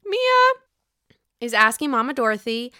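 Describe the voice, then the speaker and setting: A woman's voice: on the high side, lively intonation, moderate pace, pushed and bright, smooth, no room sound, clean studio sound. A woman giving a casual, sassy, profane recap of a reality TV episode, acting out the cast's lines. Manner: sassy, profane, acts out quotes with voices.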